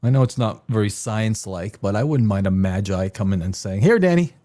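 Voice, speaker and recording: A man's voice: on the low side, brisk, warm tone. A middle-aged man hosting a casual livestream, rambling and joking, often laughing at himself. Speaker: livestream host.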